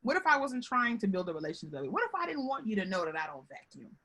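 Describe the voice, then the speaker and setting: A woman speaking from home over a video call, with a husky voice that swoops high and low. Her tone is bright and fairly high. She talks to her audience in a chatty, animated way and keeps calling them y'all. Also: fast talker. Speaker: guest speaker on workplace relationships. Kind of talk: lively webinar talk.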